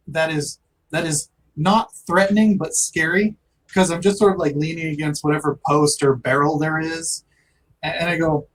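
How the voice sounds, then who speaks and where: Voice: medium pitch, low-quality recording. A player casually describing their character's actions in a tabletop game, often restarting sentences.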